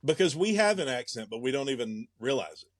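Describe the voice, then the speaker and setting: A young American man chatting on a podcast, his talk rambling and full of restarts. His voice sits at a middle pitch. It is recorded dry and close, with no room sound. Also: very animated, dry recording. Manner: rambling, halting, laughs often. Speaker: podcast co-host. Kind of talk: casual chat.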